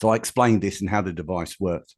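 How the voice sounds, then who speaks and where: Plain-spoken man, low voice. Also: fairly quick. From England. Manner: plain-spoken, rambling with many restarts. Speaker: inventor guest. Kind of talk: casual interview chat.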